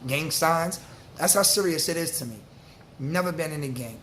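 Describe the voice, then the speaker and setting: A man, telling a story to camera in a loose, slang-filled, animated way. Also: a little high, normal speed, noisy background. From New York. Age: 40s. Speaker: vlogger.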